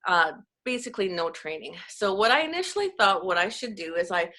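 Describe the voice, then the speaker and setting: Bright, chatty self-mocking woman. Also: medium pitch, big pitch swings, fairly quick. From Canada. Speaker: network marketing coach. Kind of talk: casual talk on a video call. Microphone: video call.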